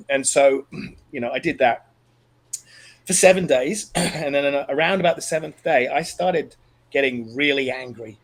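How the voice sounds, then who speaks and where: A middle-aged man telling a personal story as a podcast guest, earnest and emotional, halting and restarting as he talks. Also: medium pitch, gravelly, poor audio. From Australia.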